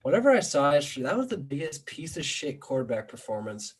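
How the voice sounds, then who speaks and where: A man co-hosting a podcast, talking sports in a casual, exasperated, animated rant. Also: on the high side, quick pace, breathy edge, low-quality recording. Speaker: podcast co-host.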